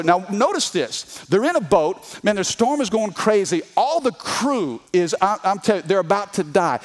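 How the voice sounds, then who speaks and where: A man preaching a sermon as a pastor, animated and humorous, reading scripture aloud and calling on the congregation to answer. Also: sits high, normal speed. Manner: reads scripture aloud with voiced characters.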